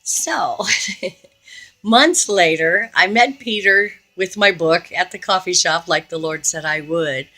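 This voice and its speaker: A woman's voice: on the low side, slow pace, pushed and bright. A woman hosting a Christian video, telling a personal testimony story in an earnest, conversational way with frequent fillers.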